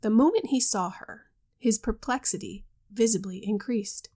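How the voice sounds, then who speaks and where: A woman reading a classic novel aloud in a steady, measured way. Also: on the high side, slightly rough. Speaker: reader.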